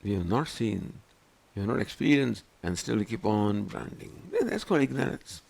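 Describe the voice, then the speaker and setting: This older man is a swami giving an animated lecture on scripture, asking his audience question after question in a rhetorical way. His pitch is fairly low and creaky, at a moderate pace.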